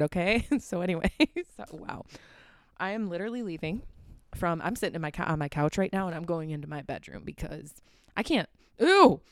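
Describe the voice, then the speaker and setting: A woman's voice: on the low side, clean tone, no room sound, studio quality. A young adult woman hosting a solo podcast from her apartment, ranting casually, swearing often and getting sidetracked. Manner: rambling, profane, easily sidetracked. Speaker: podcast host.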